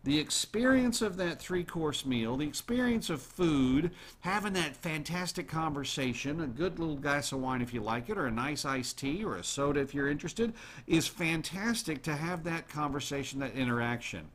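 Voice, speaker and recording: A man hosting a show, chatting casually to his listeners in an animated way and throwing questions at the audience. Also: fairly high pitch, moderate pace. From United States. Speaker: radio show host.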